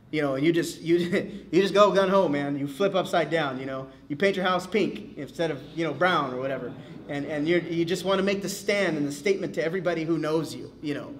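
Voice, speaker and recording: A man leading a men's Bible study in an animated, casual way, acting out quotes as he teaches. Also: fairly high pitch. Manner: animated, casual, acts out quotes, many fillers.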